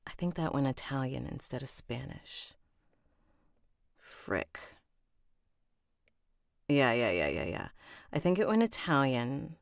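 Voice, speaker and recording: A woman's voice: rumbling low, sing-song, slow, gravelly, long pauses, dry recording, studio quality. A woman narrating an audiobook on a livestream, breaking off to chat with viewers and correct herself. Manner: chatty asides, self-correcting, talks to her chat. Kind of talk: live-streamed audiobook recording session.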